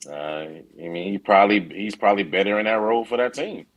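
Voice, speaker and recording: A man's voice: on the low side, brisk, poor audio. A man co-hosting a casual sports debate, defensive and restarting his sentences while talking over others. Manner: defensive, interrupts with repeated restarts. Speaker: show co-host.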